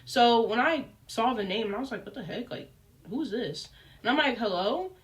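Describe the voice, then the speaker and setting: Young woman spilling a story, kinda high voice, lots of "like", mic a bit far off. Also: moderate pace. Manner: chatty, filler-heavy, animated retelling. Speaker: storyteller vlogger. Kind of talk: casual storytime chat.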